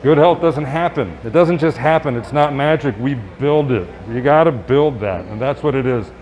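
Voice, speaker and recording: A man's voice: mid-range voice, a little mellow. Man giving an upbeat health talk. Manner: conversational and upbeat, with rhetorical questions and quick asides. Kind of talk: live presentation to an audience. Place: public event space.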